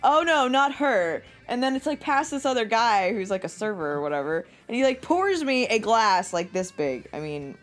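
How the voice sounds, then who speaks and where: A woman's voice: medium pitch, moderate pace, hardly any pauses, faint music behind. A young woman co-hosting a podcast, telling a long, profane, laugh-filled story in casual chat. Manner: animated, profane, laughs often while telling stories. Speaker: podcast co-host.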